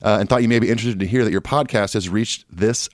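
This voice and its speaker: Laid-back man, low dry voice. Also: fast talker, no room sound. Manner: laid-back, rambling, laughs often. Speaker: podcast co-host. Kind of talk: casual chat, reading listener emails. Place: Nashville.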